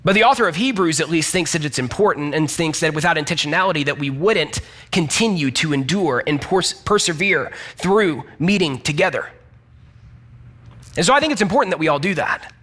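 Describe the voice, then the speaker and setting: High bright-voiced young pastor. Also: male voice, lively intonation, fairly quick. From Georgia, US. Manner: chatty, self-deprecating, addresses listeners directly. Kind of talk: conversational sermon.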